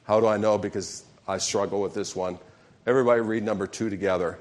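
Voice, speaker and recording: A man's voice: fairly low pitch, animated, quick pace, darkish tone. A man preaching a sermon as pastor, leading call-and-response with his congregation and speaking emphatically.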